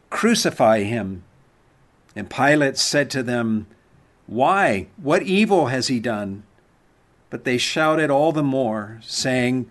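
A man reading the Passion account aloud at a Good Friday service, in a measured, deliberate manner. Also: mid-range voice. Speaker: scripture reader.

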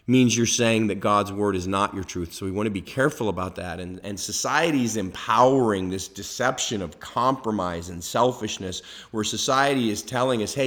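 A man's voice: lowish voice, fairly bright tone. A man preaching a sermon as a pastor, earnest and emphatic, building points through repeated declarations.

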